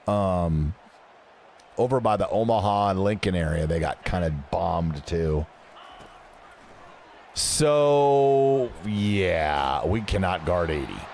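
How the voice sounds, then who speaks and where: A man's voice: on the low side, darkish tone. A man chatting casually with his live-stream audience while playing a game, joking and reading chat messages aloud. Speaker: gaming streamer.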